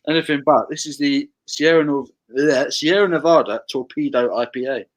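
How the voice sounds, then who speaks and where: A man's voice: fairly high pitch, normal speed, low-quality recording. A man hosting a casual beer livestream, reading out viewer comments and chatting about them. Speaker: livestream host.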